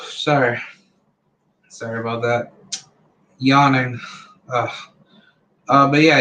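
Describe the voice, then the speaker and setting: A man's voice: mid-range voice, fairly bright tone, low-quality recording. A man in his thirties hosting his own channel, giving a rambling, blunt opinion monologue packed with fillers. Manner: rambling, full of fillers like "you know" and "like". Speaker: channel host.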